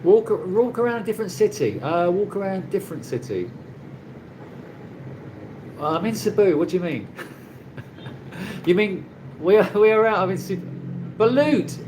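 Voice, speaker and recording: A man from England runs a casual, meandering live chat from his condo in the Philippines, often laughing. He speaks high-pitched and expressively at a moderate pace, leaving long pauses, with background noise present.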